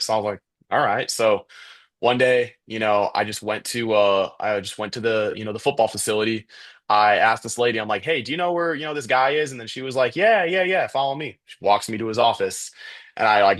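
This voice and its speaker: A man's voice: on the low side, dry recording. A young man from Chicago, a student photographer, telling his story casually as a podcast guest with lots of fillers and restarts. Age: young adult. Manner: relaxed, chatty, many fillers and restarts.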